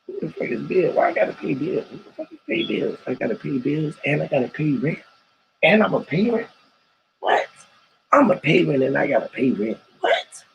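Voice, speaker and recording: A man with a higher-pitched, creaky voice hosts a live stream; the rough recording carries a little hiss or hum. He rambles in heavy slang and profanity, fires off rhetorical questions, and greets callers as they join the voice chat.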